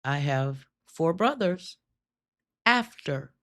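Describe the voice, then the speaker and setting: Woman host talking to her live chat, lowish voice, emphatic, laughs a lot. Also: expressive. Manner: emphatic, drawn-out storytelling, laughs often. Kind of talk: spoken testimony to a live chat.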